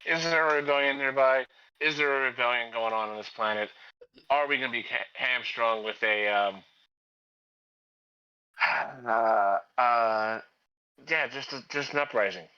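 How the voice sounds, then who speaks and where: A man's voice: mid-range voice, sharp tone, clear, resonant tone, highs cut off. A man playing in a tabletop game, talking casually and stumbling over his words. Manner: halting, stumbles and repeats words. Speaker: player.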